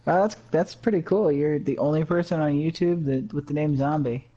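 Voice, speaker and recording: A man's voice: fairly high pitch, normal speed, mellow. A man co-hosting a casual gaming podcast, easy-going and goofy, giggling often. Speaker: podcast co-host. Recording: slightly dull lo-fi mic.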